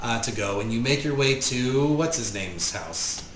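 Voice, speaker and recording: A man running a tabletop game as game master, narrating in a relaxed, loose way with frequent fillers. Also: mid-range voice, normal speed, roomy sound, slight background noise, poor audio.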